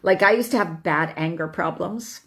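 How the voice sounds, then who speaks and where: A woman's voice: fairly low pitch, normal speed, fairly bright tone. A woman in her fifties giving a casual self-help talk, chatty, tagging her points with "right?" and laughing as she goes. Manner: chatty, frequent "right?", laughs while talking. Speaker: host.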